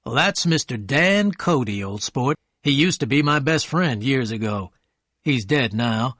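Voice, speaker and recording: A man voicing a charming, wealthy young gentleman who speaks with eager courtesy, in an audiobook reading. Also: medium pitch, expressive, unhurried, no echo, clean studio sound.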